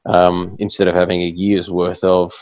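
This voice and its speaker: A man's voice: sits low, completely flat delivery, normal speed, darkish tone, no room sound, lo-fi sound. A man hosting a casual podcast chat over a call, rambling with many restarts and fillers. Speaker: podcast host. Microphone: video call.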